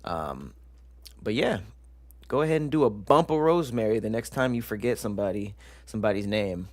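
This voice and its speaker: A man's voice: lowish voice, animated, brisk, no room sound. A man hosting a casual live stream, joking with chat and stumbling over long science words as he reads them aloud. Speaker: livestream show host.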